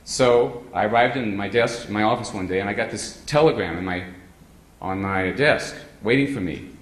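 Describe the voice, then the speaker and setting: Low-voiced man telling stories in a roomy hall. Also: moderate pace. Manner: rambling anecdotal delivery, frequent hesitant fillers. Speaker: guest speaker. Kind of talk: humorous storytelling talk to a live audience. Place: meeting hall with an audience. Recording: roomy hall sound with faint ambience.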